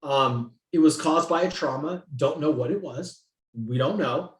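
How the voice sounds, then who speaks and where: A man from the San Francisco Bay Area, a guest in an interview, telling his story in an animated, profane way and acting out what people said. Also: a little high, a little slow. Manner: animated, profane, acts out quotes. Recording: roomy echo.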